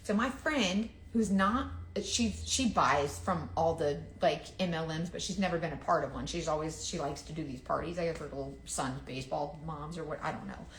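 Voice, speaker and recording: A woman's voice: sits low, moderate pace, few pauses, slight background noise. Woman, casual storytelling, chatty and self-deprecating, acts out quotes, echoey room. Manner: chatty, self-deprecating, oversharing, quotes others in lively voices. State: sweating, overheated from layers. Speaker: makeup seller.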